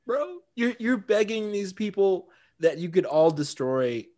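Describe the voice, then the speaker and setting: A man's voice: sits high, expressive, a little slow, warm tone. A man co-hosting a podcast in a casual chat, talkative and often laughing. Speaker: podcast co-host.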